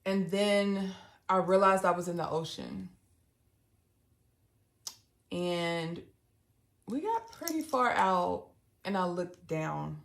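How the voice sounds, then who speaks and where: A young woman hosting a live stream, casually telling a story in an animated, dramatic way and laughing often. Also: on the low side, slow pace, gravelly, long pauses. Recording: roomy echo.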